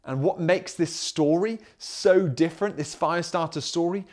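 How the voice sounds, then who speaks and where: A man's voice: on the high side, moderate pace, a little mellow. A man preaching a sermon as pastor, emphatic and full of rhetorical questions.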